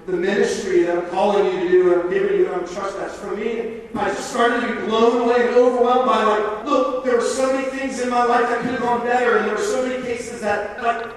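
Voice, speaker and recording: A man giving an earnest, conversational sermon to a youth camp, full of casual fillers. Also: high-pitched. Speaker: camp speaker. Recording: echoey hall, heard from far off.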